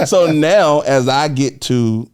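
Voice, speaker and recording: Casting: young man, lively storyteller, mid-range voice, does voices for others, laughs often. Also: medium pitch, a little fast. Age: 20s. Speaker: podcast guest. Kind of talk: casual storytelling.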